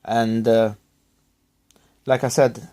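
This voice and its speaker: A man recovering from illness, talking to his viewers in a subdued, halting, apologetic way with many restarts. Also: mid-range voice, little pitch movement, mellow. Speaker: YouTuber thanking subscribers. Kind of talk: rambling personal vlog.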